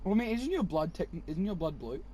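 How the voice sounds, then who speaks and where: A man co-hosting a podcast, joking around in excitable, casual chat. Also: sits high, quick pace. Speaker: podcast co-host.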